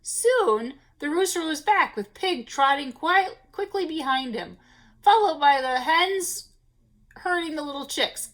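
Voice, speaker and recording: A woman reading a children's storybook aloud to young listeners, in a playful, expressive way. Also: high voice, a little slow.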